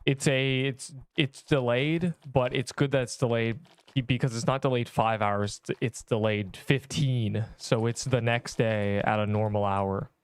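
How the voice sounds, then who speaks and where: Smooth-voiced man ranting to his stream. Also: mid-range voice, fairly even intonation, unhurried, no echo. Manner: rambling, exasperated banter with chat, heavy slang. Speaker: gaming streamer. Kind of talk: casual livestream chatter while playing.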